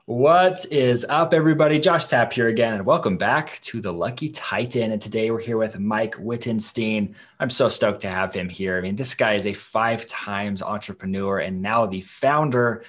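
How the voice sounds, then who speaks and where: A man's voice: fairly low pitch, normal speed, few pauses, fairly bright tone. A man hosting a podcast, upbeat and casual, hyping up his guest and asking questions. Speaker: podcast host. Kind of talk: enthusiastic podcast interview.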